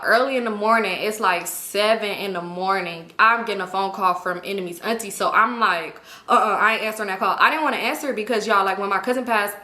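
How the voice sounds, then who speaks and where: A woman's voice: medium pitch, pushed and bright. Chatty young woman telling a story. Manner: chatty, slangy, addresses the audience as "y'all". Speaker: storytime vlogger. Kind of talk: casual storytelling to viewers. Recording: echoey room.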